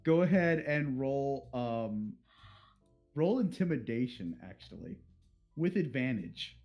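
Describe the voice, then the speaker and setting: A man's voice: medium pitch, big pitch swings, takes it slowly, a little mellow, faint music behind. A man narrating as game master, crude and playful, slipping into characters' voices.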